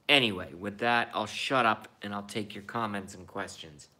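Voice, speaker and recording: A man's voice: fairly low pitch, measured pace, pushed and bright, husky. A man in his thirties ranting in a profane, repetitive and indignant monologue. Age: 30s. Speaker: vlogger.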